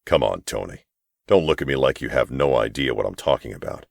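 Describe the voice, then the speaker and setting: A male narrator voicing a huge, blunt best friend who speaks low and steady. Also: brisk, gravelly, no echo, studio quality, full character voice.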